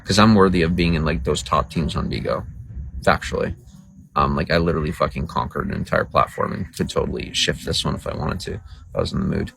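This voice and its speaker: A man's voice: very deep voice, fairly even intonation, brisk, gravelly, fairly bright tone, slight background noise, rough recording. A man livestreaming to viewers in casual talk, crude, boastful and rambling. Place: outdoors by a road.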